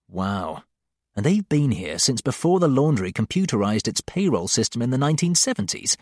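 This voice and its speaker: A male narrator reading a first-person story with dry, wry humor. His pitch moves expressively through each line, and the recording is close and completely dry. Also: big pitch swings, normal speed, no room sound. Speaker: audiobook narrator.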